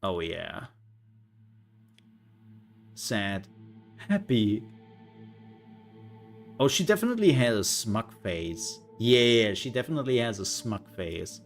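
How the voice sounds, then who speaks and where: A man's voice: lowish voice, big pitch swings, slow pace, long pauses, soft background music. A young man giving casual, playful let's-play commentary, rambling through jokey reactions as he plays. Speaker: gameplay streamer.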